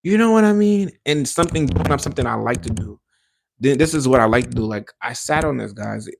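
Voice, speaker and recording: Male podcast host, gravelly, mid-pitched, loose rambling livestream chatter with slang and swearing. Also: lively intonation, fairly quick, a little hiss or hum. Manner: rambling, emphatic, frequent restarts; slangy and profane. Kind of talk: casual livestream chat.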